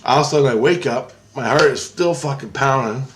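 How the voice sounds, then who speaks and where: Telling a story in his vlog, a man gets excitable and swears freely, shifting to a raised voice when he quotes someone. He speaks fairly quickly at medium pitch, over slight background noise.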